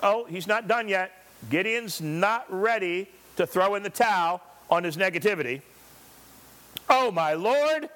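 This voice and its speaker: A man's voice: sits high, normal speed, a bit bright. A male pastor preaching a sermon, driving his points home with rhetorical questions and briefly acting out the voices of scripture figures.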